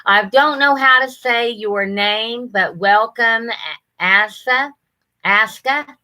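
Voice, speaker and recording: A woman's voice: a little high, slow pace, bright, forceful tone. An older woman hosting a casual live stream, chatting with viewers and greeting them by name, often laughing.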